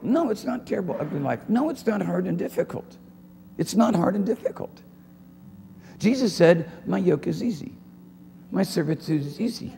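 A man pastor preaching a live church sermon with passion, swinging from soft talk to shouting and repeating his phrases. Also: sits high, moderate pace, vocal fry. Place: church sanctuary. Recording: church hall reverb, faint room noise.

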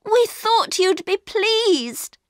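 A woman's voice: very high-pitched, sing-song, drawn-out words, no echo, clean studio sound, pitched above the performer's own voice, full character voice. A woman voicing an earnest young girl who pleads eagerly, in a storybook reading. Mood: pleading.

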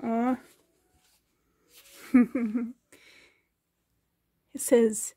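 Husky, high-voiced woman gushing. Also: slow pace. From Canada. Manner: gushing, excited exclamations, soft whispers. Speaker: doll collector vlogger. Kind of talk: unboxing vlog. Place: bedroom at home.

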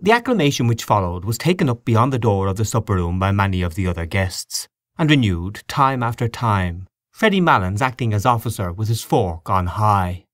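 Expressive male audiobook narrator. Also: on the low side, normal speed, hardly any pauses, no room sound, studio quality. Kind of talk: scripted narration.

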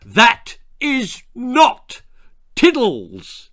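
Guy doing a mad yelling mum, loud and high pitched. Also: huge pitch swings, drawn-out words, no echo, studio quality, heavily acted. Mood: furious. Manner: roaring, shouting. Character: furious bellowing mother, shouty.

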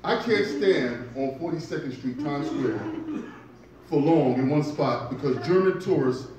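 Slow, lively-voiced stand-up comedian man. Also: on the high side, slight background noise. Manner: deliberate, storytelling with punchy asides. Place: comedy club stage. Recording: echoey club from far off.

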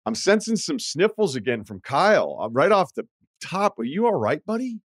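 A man's voice: a little high, big pitch swings, normal speed, slightly rough, no room sound. A man hosting a sports podcast, chatting with dry, wry banter. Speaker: podcast host. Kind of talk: casual sports podcast chat.

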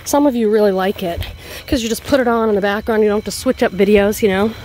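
A thirty-something reseller vlogger talks quickly in a medium-pitched, darkish voice, chatting upbeat to camera about her thrift haul and saying "like" a lot. She films both indoors and out, in a thrift store and in her car.

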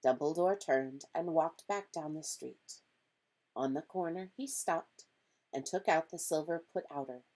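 A woman reading a children's storybook aloud as a storyteller, in a steady, expressive way. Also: deep voice, a little slow, poor audio.

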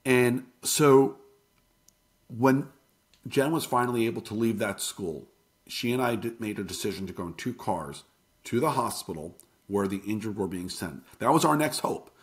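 A middle-aged man telling a painful personal story as an interview guest, halting and emotional. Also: fairly low pitch.

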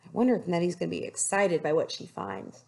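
A woman teacher reading a picture book aloud to children, slow and expressive, stopping to ask the class questions. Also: lowish voice, vocal fry. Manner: slow, expressive storytelling with asides to pupils.

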